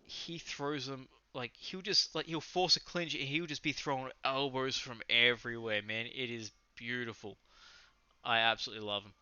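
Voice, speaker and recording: Steady and moderately paced, this young Australian man's medium-pitched voice comes across as bright, forceful, clear and resonant. As a podcast co-host, he gives a casual fight recap, loose and enthusiastic, with some swearing and rambling. The lo-fi recording sounds slightly muffled.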